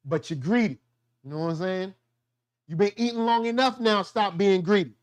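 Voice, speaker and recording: A show host with a high-sitting voice riffs on a TV show at normal speed. The casual review chat is slangy and animated, with quotes acted out in different voices.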